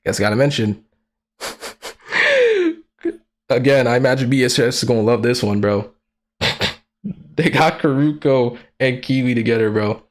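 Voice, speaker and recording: A streamer giving casual live commentary, slangy and profane, who laughs often and breaks into excitable outbursts. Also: mid-range voice, a little fast.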